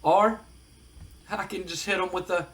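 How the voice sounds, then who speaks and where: A man's voice: sits high, steady tone, a little slow, fairly bright tone. A man voicing a sly, cocky male wrestler who tosses off short quips.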